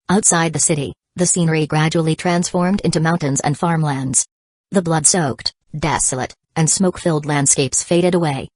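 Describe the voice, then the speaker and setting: A woman narrating an audiobook in a steady, even reading voice. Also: deep voice, dry recording. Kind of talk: scripted narration.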